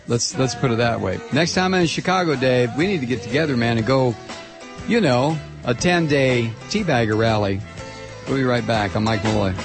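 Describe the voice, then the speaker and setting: A middle-aged man hosting a call-in radio talk show, chatty and loose, laughing along with callers. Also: medium pitch.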